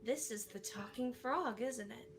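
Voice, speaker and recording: A pushy male film director, smug and coaxing, with a bright, forceful edge to his talk, as a woman game master puts him on. He sits higher in pitch than most men, and the tabletop-game scene stays lightly voiced. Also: normal speed, a little hiss or hum. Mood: curious.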